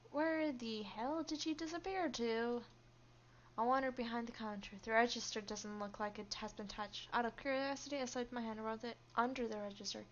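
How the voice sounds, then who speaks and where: A woman streamer reads a story game aloud and reacts expressively as it goes. Her voice is fairly high, and the stream audio sounds a bit dull and lo-fi. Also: a bit bright.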